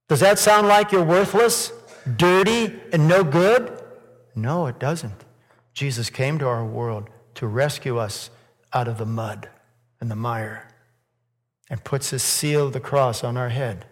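A man preaching a sermon in church, asking rhetorical questions and building to loud, emphatic peaks. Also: mid-range voice, a little slow. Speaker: pastor. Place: church sanctuary. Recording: long hall reverb.

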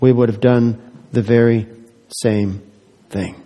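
A man preaching a sermon as a pastor, swinging between hushed, quiet lines and loud, emphatic ones, and asking many rhetorical questions. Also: mid-range voice, fairly even intonation, slow, in a large hall.

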